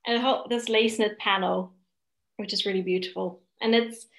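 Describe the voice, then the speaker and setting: A woman's voice: medium pitch, fairly even intonation, moderate pace. A woman whose first language is German, a guest chatting on a video call about her knitting, giggly and correcting herself as she goes. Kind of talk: casual video chat. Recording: roomy echo.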